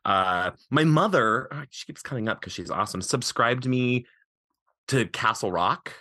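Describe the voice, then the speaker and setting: A man from Eastern Montana, a podcast guest and author, chatting casually and animatedly, laughing often and talking in quick bursts. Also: mid-range voice, expressive, pushed and bright, dry recording, studio quality.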